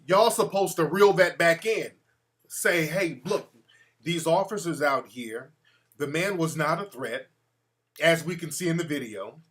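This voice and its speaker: Bright-voiced emphatic man ranting. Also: a little high. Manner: emphatic, profane, talks straight to his audience. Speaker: show host. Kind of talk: ranting commentary monologue. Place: home room with a fan.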